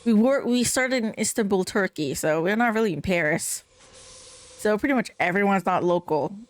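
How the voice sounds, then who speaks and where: A woman's voice: medium pitch, expressive, moderate pace, no echo. A young woman commenting casually over a video game playthrough, chatty and full of fillers. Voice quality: chatty, lots of "like". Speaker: gameplay streamer. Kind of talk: casual let's-play commentary.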